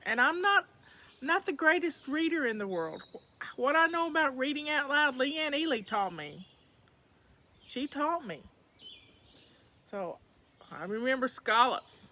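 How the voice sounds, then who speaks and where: A woman's voice: high-pitched, lively intonation, a little slow, long pauses, pushed and bright. A woman with a Southern accent hosting a casual chat from home, folksy and chatty, talking to her viewers as y'all. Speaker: livestream host.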